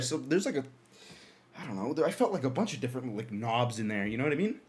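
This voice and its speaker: Animated, profane young man podcasting. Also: mid-range voice, fast, breathy edge. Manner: animated, profane, laughing asides, swings from loud to mumbly. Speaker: podcast host. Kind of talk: casual storytelling podcast.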